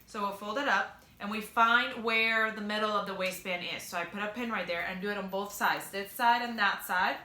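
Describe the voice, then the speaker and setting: A woman's voice: mid-range voice, steady tone, moderate pace, few pauses, bright, forceful tone, roomy sound. A young woman talking through a sewing project in a casual, chatty way, often correcting herself. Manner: chatty, self-correcting, upbeat. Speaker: sewing instructor.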